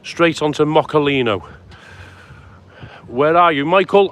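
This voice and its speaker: A man with a fairly high, slightly bright voice live-streams an outdoor walk through town streets at sunset, speaking unhurriedly and pausing often. He chats along the way and greets viewers by name. Faint street noise sits in the background.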